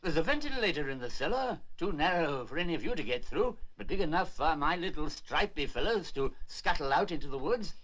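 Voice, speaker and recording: An actor playing a gruff, kindly old English squire in a wheelchair, with bluff, old-fashioned exclamations, in a 1960s film drama. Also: male voice, a little high, animated, brisk, few pauses, fairly bright tone. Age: older.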